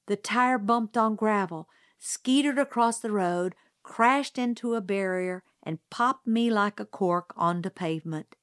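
A woman reads a novel aloud as an audiobook narrator, delivering scripted narration in a measured, even storytelling manner. Her voice is medium-pitched, and the recording is dry and studio quality.

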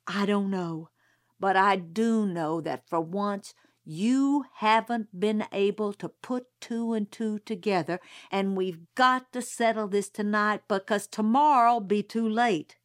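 A woman voicing a gruff, stubborn small-town male sheriff in a spoken audiobook, slow and insistent. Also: mid-range voice, lightly acted.

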